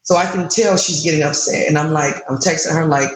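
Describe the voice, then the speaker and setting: A woman's voice: deep voice, brisk, roomy sound, low-quality recording. A woman in her thirties candidly recounting a frustrating personal experience in an interview, with emotion in her voice. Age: 30s. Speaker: guest sharing her story.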